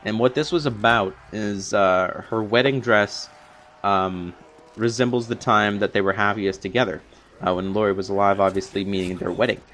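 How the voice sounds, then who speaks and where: A man's voice: lowish voice, fairly even intonation, moderate pace, a bit bright, a little hiss or hum. A young man recapping a TV episode in a long, rambling unscripted review, full of fillers and restarts. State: a little out of breath from long talking.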